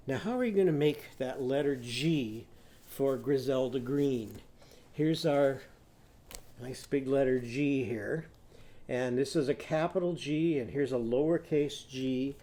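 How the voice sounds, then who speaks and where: A man teaching a children's lesson, talking gently and encouragingly straight to young students. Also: mid-range voice, unhurried.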